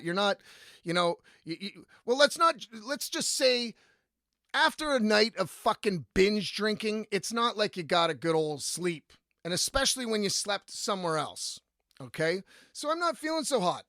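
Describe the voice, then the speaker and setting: A man hosting a podcast, telling a rambling story in a casual, profane and lively way. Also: sits high, vocal fry, dry recording, clean studio sound. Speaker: podcast host.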